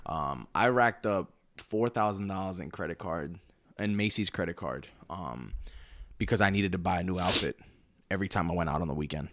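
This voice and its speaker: A man's voice: sits low, normal speed, fairly bright tone. A man in his twenties co-hosting a podcast, loose and profane and laughing often as he tells stories. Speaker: podcast co-host. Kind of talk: casual podcast banter.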